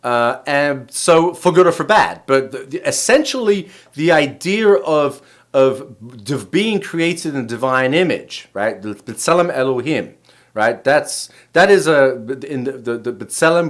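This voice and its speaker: A man's voice: mid-range voice, lively intonation, a little slow. A middle-aged man, a rabbi from England, giving a casual spoken lesson in a rambling way, full of restarts and tag questions. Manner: rambling, many restarts, keeps asking "right?". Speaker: rabbi and show host.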